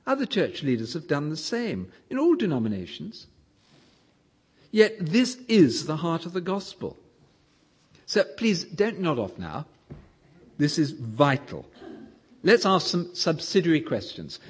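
A man's voice: fairly high pitch, sing-song, measured pace, pauses often, breathy edge. A man preaching a sermon in an emphatic way, his voice rising and falling to stress points.

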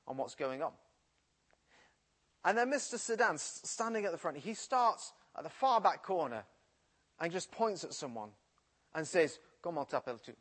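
A man from the English Midlands with a Midlands accent, preaching and telling a personal story from his school days. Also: on the high side. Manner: storytelling, animated retelling.

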